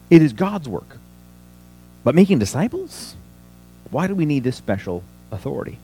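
A man's voice: on the high side, sing-song, moderate pace, vocal fry, long pauses, mellow, slightly rough, faint music behind. A man preaching a sermon, teaching a passage step by step and asking the congregation rhetorical questions. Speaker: pastor.

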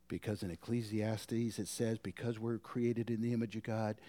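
A pastor delivers a sermon with a man's mid-pitched voice. He swings between ringing emphasis and near-whispered asides, asking the congregation rhetorical questions. The sound is dry and close. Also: expressive, moderate pace, few pauses, no room sound. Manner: dramatic swings from loud emphasis to hushed whispers.

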